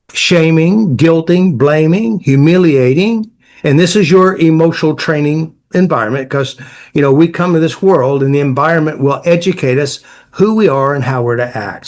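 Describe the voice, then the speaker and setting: Guy coaching folks on emotions, pretty high voice, blunt and repetitive, tells client stories. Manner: direct, repetitive, lists ideas in short bursts.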